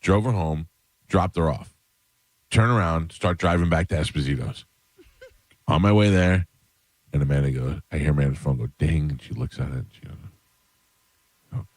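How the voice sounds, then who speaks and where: Man, radio host, forties, very low voice, dry close mic, storytelling. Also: expressive, normal speed, long pauses, dry recording. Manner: storytelling, acts out family dialogue. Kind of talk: morning radio chat.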